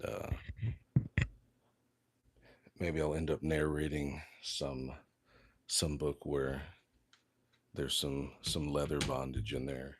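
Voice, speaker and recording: A man chatting casually and jokingly while working on leather crafts. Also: rumbling low. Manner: joking, rambling, self-deprecating. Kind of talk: casual workshop chat.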